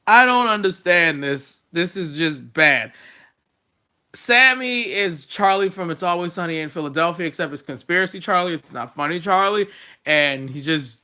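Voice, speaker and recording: A man's voice: sits high, lively intonation, moderate pace, pushed and bright. A man recapping wrestling shows in a casual, sarcastic and exasperated rant. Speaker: wrestling show reviewer.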